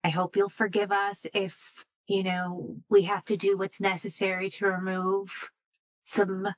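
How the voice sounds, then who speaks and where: Woman as a charming, flattering adventurer, slow and sweet, muffled audio. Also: medium pitch, close to an everyday voice. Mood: polite. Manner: sweet, ingratiating, unhurried.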